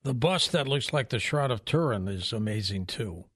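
A man's voice: medium pitch, expressive, moderate pace, breathy edge, dry recording, clean studio sound. A man hosting a radio interview, asking brief questions. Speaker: radio host.

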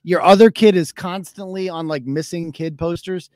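A man in his thirties hosts a live show, his voice pitched a little higher than most men's. He rants casually, swearing freely and mocking people with heavy sarcasm. The sound is close and dry, with no room around it. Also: steady tone, normal speed, a little mellow, no echo. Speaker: podcast host.

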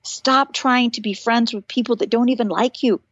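Middle-aged woman chatting as a podcast guest, kinda high voice, animated and encouraging, dry close mic. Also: moderate pace, dry recording, lo-fi sound. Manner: animated storytelling, earnest and encouraging. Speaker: podcast guest, author and speaker. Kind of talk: casual chat.

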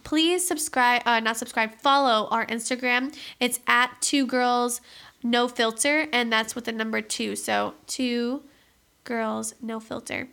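A woman's voice: fairly high pitch, steady tone, measured pace, gravelly, a bit bright. A young woman co-hosting a podcast in casual chat, talking in a chatty, giggly way with plenty of "like" fillers. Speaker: podcast co-host.

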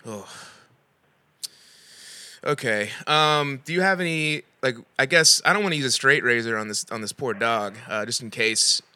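Rambling young man with a bright tone. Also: medium pitch, normal speed, clean tone, no room sound. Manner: rambling, hesitant, lots of fillers. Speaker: podcast host and prank caller. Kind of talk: casual comedy chat.

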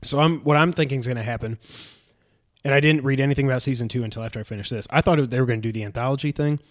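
A man's voice: mid-range voice, very fast. A man in casual chat, recapping a show and acting out its scenes in a raised voice. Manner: animated retelling, acts out scenes in a raised voice.

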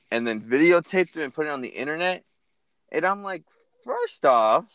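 A young man in casual conversation, rambling through an animated story and cursing freely. His pitch sits mid-range for a man. The sound is close and dry, with no room around it. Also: clean tone, dry recording. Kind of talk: casual chat.

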